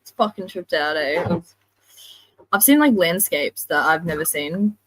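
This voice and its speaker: A woman chatting with her father on a livestream, animated, swearing and laughing often. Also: lowish voice, measured pace, no room sound, low-quality recording. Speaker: host's daughter, guest. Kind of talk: casual chat.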